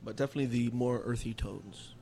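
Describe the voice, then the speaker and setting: A man chatting with friends on a podcast at an average pitch. He speaks in a plain, laid-back way. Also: fairly even intonation, fast talker, warm tone, a little hiss or hum. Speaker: podcast panelist. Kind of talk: casual chat.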